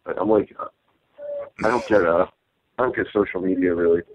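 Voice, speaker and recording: A very deep-voiced man, a stand-up comedian, chats casually in an interview, hesitating and restarting his sentences. His voice comes through dry and tinny, like a phone line. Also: no echo. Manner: halting, with many restarts and fillers.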